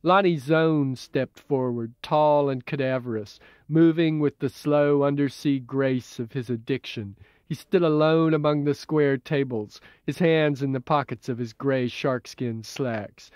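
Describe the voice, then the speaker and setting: A man reading his own novel as an audiobook in a measured, even way, heard as dull old tape. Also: medium pitch, smooth, no echo. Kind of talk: audiobook narration.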